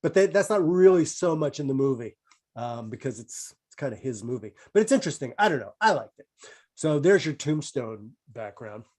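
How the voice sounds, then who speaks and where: On a video call, this male comedian rambles through a casual chat, self-amused and full of fillers. His medium-pitched, darkish voice is very animated and brisk.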